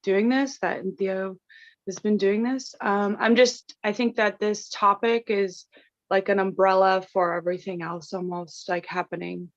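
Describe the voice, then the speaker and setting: A woman's voice: medium pitch, steady tone, a little slow, no echo. A woman from Atlanta chatting casually and giggling as she introduces herself on a video call. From Atlanta, Georgia. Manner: chatty, giggly, many fillers. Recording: muffled video call audio.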